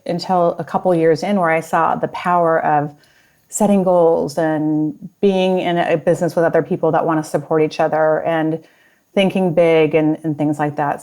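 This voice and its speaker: Woman, fifties, lower pitch, storyteller, acts out quotes, casual conversation. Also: steady tone, moderate pace, a little mellow. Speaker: guest, business partner.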